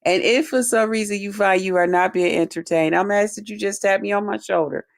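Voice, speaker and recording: A woman's voice: mid-range voice, a little fast, creaky. Swearing, preachy woman host. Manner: preachy, emphatic, repeats catchphrases; swears freely, laughs often. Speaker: YouTube channel host. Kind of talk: casual commentary livestream.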